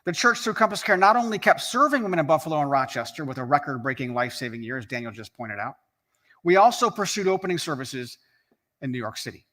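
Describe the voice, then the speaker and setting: A man's voice: on the high side, big pitch swings, fast, sharp tone. Man giving an earnest, emphatic rally speech. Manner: earnest, emphatic, repeats phrases for rhetorical build. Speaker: rally speaker. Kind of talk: scripted speech.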